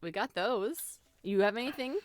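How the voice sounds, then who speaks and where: A female podcast co-host in casual movie chat, playful and quick to laugh. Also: mid-range voice, animated.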